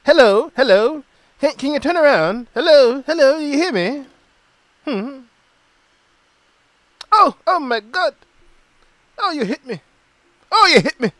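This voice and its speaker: A man putting on a pestering woman celebrity with a fake London accent, calling out high and sing-song, then crying out that she was hit. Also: big pitch swings, measured pace, pauses often, a bit bright, dry recording, exaggerated voice. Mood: pestering, startled. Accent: mock London accent.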